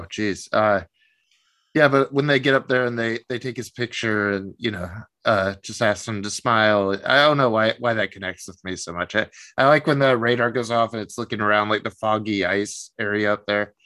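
A man's voice: fairly low pitch, moderate pace, no echo. A man co-hosting a film podcast, chatting casually and joking about scenes he likes. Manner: relaxed, joking, short backchannels. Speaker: podcast co-host.

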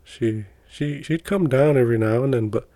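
A middle-aged man tells his own stories in a loose, folksy ramble, full of fillers and restarts. His voice sits mid-range and sounds relaxed and mellow. The recording is dry and close. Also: mid-range voice, moderate pace, no room sound. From Montana. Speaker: podcast guest telling personal stories. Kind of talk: casual storytelling.

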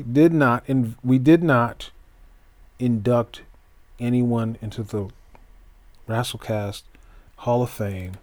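A man hosts a solo wrestling podcast in a loose, rambling way, full of fillers and restarts, with bursts of mock-grand announcer flourish. His voice sits at a middling pitch, and the recording is dry with no room echo. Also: a little mellow. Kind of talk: solo casual podcast chat.

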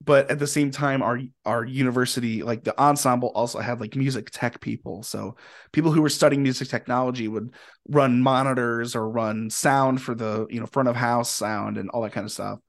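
A young man from Indiana, a podcast guest and musician, telling stories in a rambling, animated way and swearing freely. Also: mid-range voice, normal speed, creaky. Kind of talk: casual storytelling.

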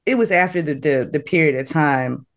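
A woman hosts a relaxed podcast conversation, her voice rising and falling as she summarizes a film. She talks playfully and laughs easily, in a casual chat style. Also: low-pitched, normal speed. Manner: animated, laughing, playful storytelling. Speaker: podcast host.

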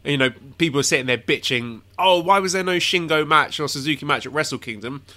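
A man's voice: on the high side, quick pace, sharp tone. A man co-hosting a casual podcast, asking wry questions and chatting about snacks. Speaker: podcast co-host.

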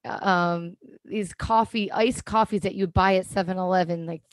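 A woman's voice: on the low side, fairly even intonation, normal speed, no echo. Blunt, swearing middle-aged woman. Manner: blunt, swears freely, exclamatory. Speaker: podcast co-host. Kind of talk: casual chat.

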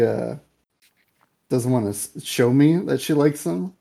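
Young male podcast co-host, relaxed dark tone, loose and filler-heavy. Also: mid-range voice, measured pace, creaky. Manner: rambling, filler-heavy, animated retelling. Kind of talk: casual movie review chat.

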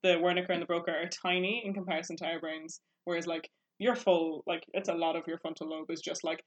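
A woman's voice: fairly low pitch, flat delivery, a little fast. A woman, co-hosting a casual podcast, chatty and giggly with many fillers. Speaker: podcast co-host. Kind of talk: casual chat.

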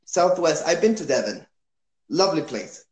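Man, from Chile, host, casual chat, easygoing, fairly high voice, roomy echo. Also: very animated, moderate pace, darkish tone. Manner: easygoing, laughs often, asks questions. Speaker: podcast host. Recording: echoey room.

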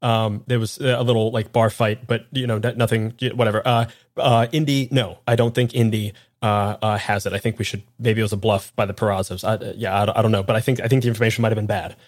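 A man's voice: fairly low pitch, fairly even intonation, fast, hardly any pauses, no echo, studio quality, close to an everyday voice. A man voicing a nervous male henchman who stammers and hesitates. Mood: flustered. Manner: stammers, many uh's.

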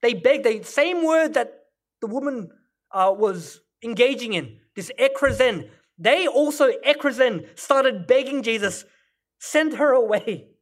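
A man's voice: extremely high pitch, animated, measured pace. A male pastor delivering a sermon, explaining scripture and Greek word meanings in a teaching manner.

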